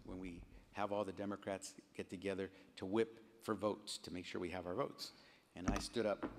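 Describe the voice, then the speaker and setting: A middle-aged man tells a story from a podium in a large banquet hall, his low, gravelly voice lifting sharply whenever he acts out what others said. The sound carries a long reverb from the room. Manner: animated storyteller, voice jumping up and down when quoting others. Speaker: congressman giving an award speech. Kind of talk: storytelling speech at a gala.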